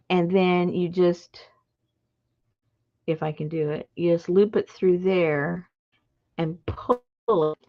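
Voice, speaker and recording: A woman hosting a live craft stream, chatting with viewers in an excitable, talkative way. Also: on the low side. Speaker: craft channel host. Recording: dull lo-fi live-stream audio.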